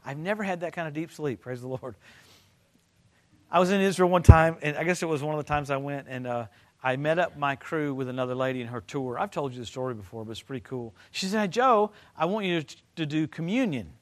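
An older man preaching a sermon, telling stories and swinging from loud excited bursts to low quiet stretches. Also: fast. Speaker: pastor.

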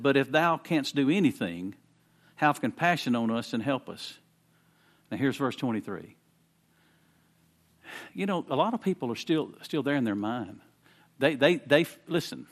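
A man with a mid-range voice preaches a sermon conversationally, repeating words often and shifting between quiet explanation and fervent emphasis.

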